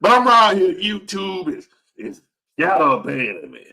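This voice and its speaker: A man's voice: high-pitched, sing-song, moderate pace, sharp tone. A man in his fifties giving a blunt, profane, preachy motivational rant to the camera. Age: 50s. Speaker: vlogger.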